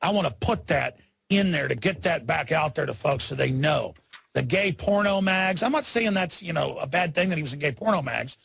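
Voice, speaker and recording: A man's voice: a little high, expressive, moderate pace, vocal fry, a bit bright, husky. A man as a talk radio host delivering a heated, indignant rant. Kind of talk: angry ranting commentary.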